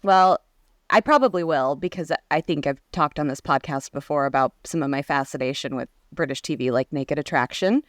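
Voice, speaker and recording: Joking low-voiced woman host. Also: dry recording, clean studio sound. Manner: quick, joking, exaggerates for laughs. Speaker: podcast host. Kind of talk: casual chat.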